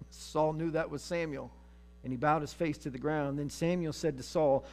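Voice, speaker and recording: Male pastor, casual humorous sermon, slightly higher voice. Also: fairly even intonation, moderate pace, darkish tone. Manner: conversational, humorous storytelling.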